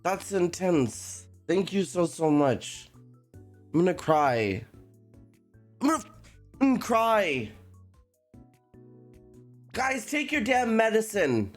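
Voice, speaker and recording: A woman game streamer talks casually to her viewers, often giggling and exclaiming. Her pitch swings widely while her pace stays unhurried, and soft music plays in the background. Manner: giggly, animated, talks to chat. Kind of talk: casual livestream chat.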